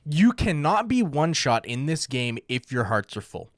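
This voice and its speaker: Laid-back podcast guy telling stories, lively up and down voice, dry close mic. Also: a little high, moderate pace, no room sound. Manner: lively storyteller, laid-back, swears casually. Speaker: podcast co-host. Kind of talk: casual chat.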